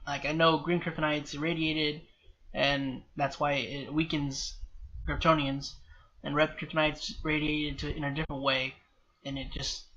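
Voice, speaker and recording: Bright-voiced rambling male reaction vlogger. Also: a little high. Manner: rambling, self-correcting, apologetic. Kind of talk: rambling solo reaction commentary. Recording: slightly dull lo-fi sound with faint background hiss.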